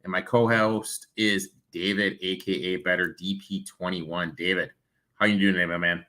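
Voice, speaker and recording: A man's voice: sits low, steady tone, moderate pace, bright, forceful tone. A man hosting a sports betting show, chatting casually and rattling off baseball stats.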